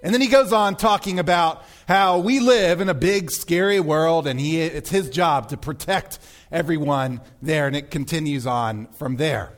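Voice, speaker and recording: A man's voice: a little high, moderate pace. A man preaching a sermon as pastor, telling stories animatedly and acting out film scenes.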